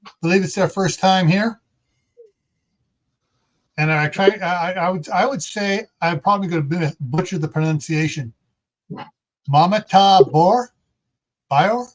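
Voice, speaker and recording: A man's voice: high-pitched, moderate pace, pauses often, fairly bright tone. Rambling folksy man on a dull stream. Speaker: livestream host. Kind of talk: casual livestream chat.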